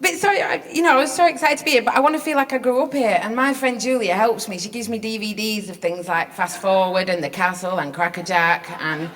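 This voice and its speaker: A woman's voice: medium pitch, brisk, hardly any pauses, a bit bright. A woman from England with a Northern English accent, doing a stand-up comedy set on stage, brash, sweary and self-mocking. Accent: Northern English, Rochdale. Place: comedy venue stage with a live audience.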